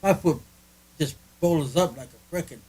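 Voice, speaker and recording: A man's voice: a little high, moderate pace, dark tone, slightly rough, poor audio. A man co-hosting a casual podcast from a friend's living room, rambling and joking with lots of restarts. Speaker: podcast co-host. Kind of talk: casual chat.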